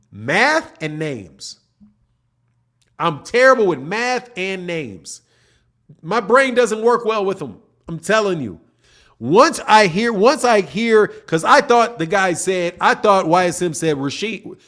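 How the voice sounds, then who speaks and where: High and fairly bright, the voice belongs to a middle-aged man running a boxing channel. He is reading his live chat during a relaxed stream, talking casually in slang and joking around with the comments.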